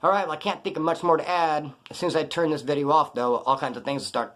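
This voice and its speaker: A man's voice: a little high, fairly even intonation, quick pace, fairly bright tone. A man casually telling a prison story in blunt, profane street slang.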